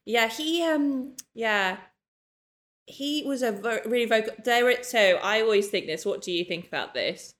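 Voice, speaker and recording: A woman's voice: on the high side, expressive, normal speed, a bit bright. A woman co-hosting a podcast in casual chat, blunt and swearing casually. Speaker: podcast co-host.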